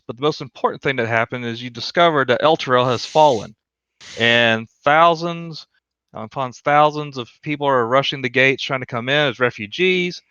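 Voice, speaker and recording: A man narrating as dungeon master in a tabletop game over voice chat, easygoing and quick-talking. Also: medium pitch, pushed and bright, clear, resonant tone, no echo. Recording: dull dry voice-chat mic.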